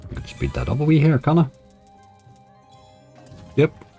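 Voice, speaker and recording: A man's voice: fairly high pitch, wildly swooping pitch, a little slow, mellow, faint music behind. A man casually commenting on his slot play, chatty and cheering when bonuses land. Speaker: slots streamer.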